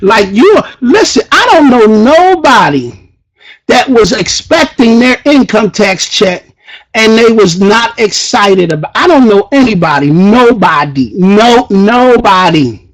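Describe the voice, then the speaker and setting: A man giving a fiery motivational speech to an audience, preacher-like, firing repeated rhetorical questions and breaking into shouts. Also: sits high, big pitch swings, slow pace, poor audio. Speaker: motivational speaker at a sales event.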